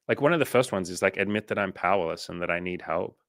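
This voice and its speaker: A man's voice: deep voice, fast, a bit bright, dry recording. A man hosting a casual livestream coaching chat, swearing casually and animatedly retelling conversations.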